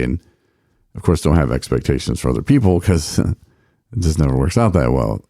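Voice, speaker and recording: A man's voice: rumbling low, animated, moderate pace, gravelly, dark tone, no room sound, clean studio sound. A man co-hosting a recovery podcast, talking casually and reflectively, often repeating words as he thinks. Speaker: podcast co-host.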